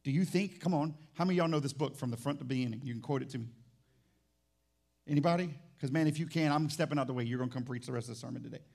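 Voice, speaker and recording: A man, a pastor, preaching a sermon in church, animated and conversational, teasing the congregation and swinging between quiet asides and loud emphatic lines. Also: mid-range voice, rapid-fire, vocal fry.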